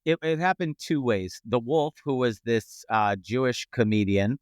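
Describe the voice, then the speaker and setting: Middle-aged comedian guy spinning stories on a podcast, smooth clear voice, dry close mic. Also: medium pitch, a little slow, dry recording. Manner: animated anecdotes, acts out quoted voices. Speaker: guest comedian. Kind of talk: casual storytelling chat. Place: podcast studio.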